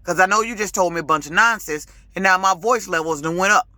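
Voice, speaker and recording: A woman's voice: fairly low pitch, fast talker, pushed and bright, no echo. A woman truck driver ranting casually to her vlog audience, emphatic and authoritative, her voice rising and getting heated, with colloquial talk and repeated words. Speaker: lease-purchase truck driver.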